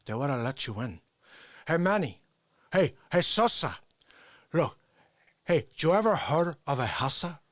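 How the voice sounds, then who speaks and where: A man's voice: on the high side, big pitch swings, measured pace, long pauses, a bit bright, no echo, clean studio sound. A man doing an impression of a tough male gangster from a film, swaggering and menacing.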